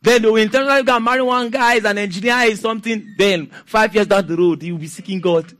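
A man's voice: high-pitched, fast. A man with a Nigerian accent preaching a sermon as pastor, telling stories with laughter and asking the congregation to respond. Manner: animated, storytelling with laughs and call-and-response.

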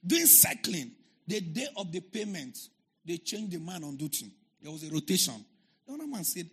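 A man preaching a fervent sermon, his voice gravelly and husky. His pitch sits high for a man and leaps widely as he moves from quiet storytelling into shouted, chanted climaxes. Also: very animated, normal speed. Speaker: pastor.

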